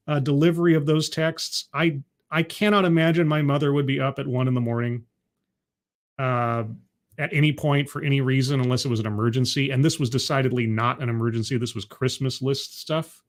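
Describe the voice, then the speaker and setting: A man's voice: fairly high pitch, fairly quick. A man signing off a live stream in a rambling, self-deprecating way, with frequent restarts. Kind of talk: casual live-stream sign-off.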